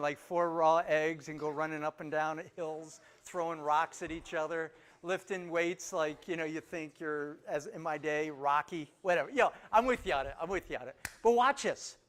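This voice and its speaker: An animated male preacher with a fairly high voice delivers a sermon full of emphasis. He hammers home his key phrases by repeating them, swinging between loud bursts and hushed, quiet asides. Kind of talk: lively sermon. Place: church service on Kauai.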